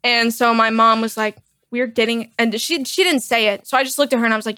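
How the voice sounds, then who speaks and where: A woman in her twenties telling a personal story in a wry, deadpan way during a casual chat. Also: on the high side, quick pace, few pauses, no room sound, clean studio sound. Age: 20s.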